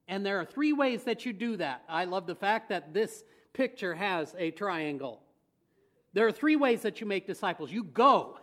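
A male preacher delivers a sermon in a relaxed, conversational way, often asking his listeners rhetorical questions. His voice sits high for a man. He keeps his tone easy and light, with a chuckle here and there. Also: unhurried.

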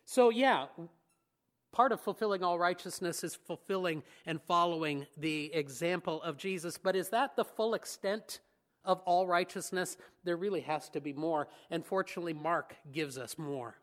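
A man's voice: on the high side, normal speed, fairly bright tone. A man preaching a sermon in a conversational way, asking rhetorical questions and chuckling now and then.

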